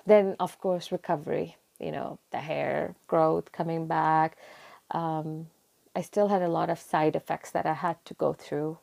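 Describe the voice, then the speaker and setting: A young woman telling a personal story in conversation, acting out her own past words with rising excitement. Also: sits low, unhurried, vocal fry. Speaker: interview guest.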